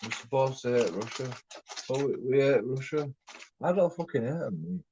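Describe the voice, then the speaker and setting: Over slight background noise, a mellow, medium-pitched man from England swears his way through a profane, rambling rant that keeps circling back on itself. The streamer sounds animated and talks at a normal speed, and the lo-fi audio is dull.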